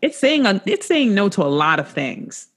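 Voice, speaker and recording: A man's voice: high voice, big pitch swings, moderate pace, fairly bright tone. A man hosting a casual interview, talking earnestly and repeating phrases for emphasis. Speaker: podcast host.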